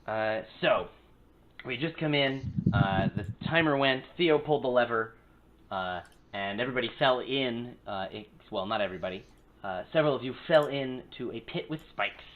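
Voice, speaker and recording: A man's voice: medium pitch, lively intonation, normal speed. A man narrating as game master for a tabletop game, talking casually with lots of fillers, in a small crowded room. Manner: casual, filler-heavy rules talk. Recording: phone-like lo-fi sound with faint hiss.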